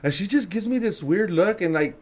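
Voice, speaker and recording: A man telling a story as a podcast guest, casual and animated, laughing and acting out other people's lines. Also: high voice, fairly quick. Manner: animated, laughing, acts out quotes.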